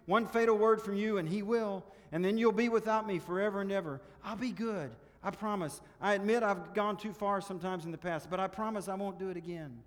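A man's voice: high-pitched, a little fast, few pauses, in a large hall, pitched above the performer's own voice, close to an everyday voice. A man voicing a small male red lizard who chatters and begs frantically to be spared, read aloud in a sermon. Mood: frantic pleading.

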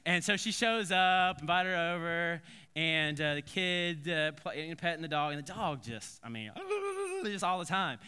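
A man preaching from the pulpit with a crisp, bright voice that sits a bit high. He tells stories in an animated, conversational way, full of asides and restarts. The sound rings with the long reverb of a church hall. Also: moderate pace. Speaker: pastor. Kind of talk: storytelling sermon.

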